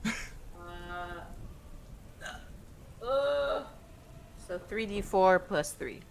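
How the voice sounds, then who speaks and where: Slow, hesitant woman with hiccups. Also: medium pitch, lively intonation, vocal fry, a little hiss or hum. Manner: hesitant, many ums. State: has the hiccups. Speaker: player.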